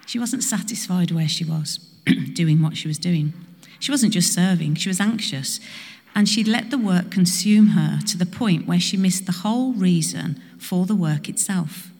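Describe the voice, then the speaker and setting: A woman's voice: fairly low pitch, moderate pace, darkish tone. Woman preaching in a reverberant hall. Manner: asks the congregation questions. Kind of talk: sermon to a congregation.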